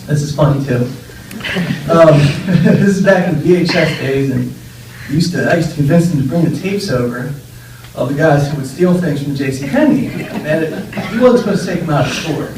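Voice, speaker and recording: Young man, eulogy speaker; mellow, loose and rambling, with fillers and laughs. Distant mic, booming room echo. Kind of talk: informal memorial speech. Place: memorial gathering room. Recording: echoey room, voice far from mic, faint noise.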